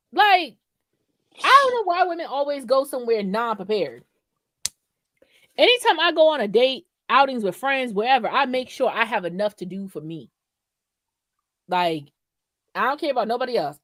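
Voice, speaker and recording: A woman co-host tells a story in loose, profane chat, her voice rising and falling a lot. She sits close to a dry, deadened mic and her pitch sits a bit high for a woman. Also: no room sound. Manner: animated, profane storytelling with laughs. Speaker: podcast co-host. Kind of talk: casual chat.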